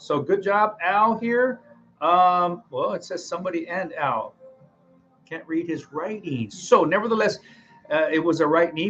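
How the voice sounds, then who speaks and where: A middle-aged man with a drawl runs a work huddle, chatty and folksy, stumbling and correcting himself as he goes. His voice sits a little high, and the recording is muffled, with faint music behind him. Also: fairly bright tone. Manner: folksy, upbeat, rambling with self-corrections. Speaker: radiology department manager. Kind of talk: team huddle announcements.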